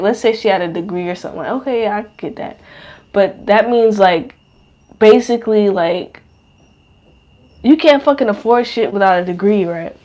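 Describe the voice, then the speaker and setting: A woman's voice: mid-range voice, darkish tone. Profane, rambling young woman podcaster. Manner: profane, slangy, rambling with many fillers. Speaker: podcast host. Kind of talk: casual monologue.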